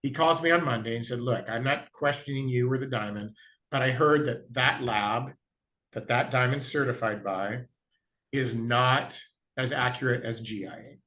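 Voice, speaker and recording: A man, a guest diamond dealer in a casual interview, telling anecdotes and acting out both sides of the dialogue, clearing his throat now and then. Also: mid-range voice, normal speed, pushed and bright.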